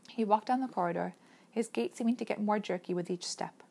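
A woman narrating a novel aloud as an audiobook, steady and measured in her storytelling. Her voice sits at a middling pitch and carries the scene calmly. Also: gravelly. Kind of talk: scripted narration.

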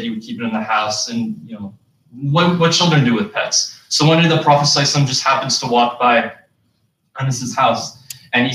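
A man's voice: mid-range voice, a bit bright. A young man giving a Friday sermon, earnest and explaining step by step with rhetorical questions. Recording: echoey hall, distant mic.

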